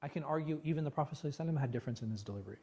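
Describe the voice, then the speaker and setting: A man leading a religious class discussion as imam, animated and full of rhetorical questions, often restarting his words. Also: fairly high pitch, very fast, creaky, slightly rough. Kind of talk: interactive religious class talk. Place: mosque class room.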